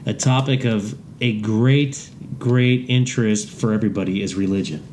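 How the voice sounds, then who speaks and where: Mellow-voiced man hosting a podcast. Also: on the low side, normal speed, a little hiss or hum. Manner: loose, swearing, asks questions. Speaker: podcast co-host. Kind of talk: casual chat.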